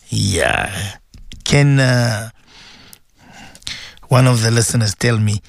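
A man's voice: medium pitch, expressive, a little slow, creaky, pauses often, no echo, clean studio sound. A man hosting a morning religious radio talk, preaching emphatically and throwing rhetorical questions at his listeners.

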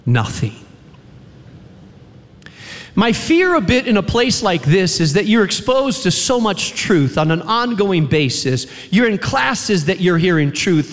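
His sermon fills a big chapel with long reverb as his high, animated voice climbs and plunges sharply. The preacher drives each point through repeated refrains and lengthy dramatic pauses.

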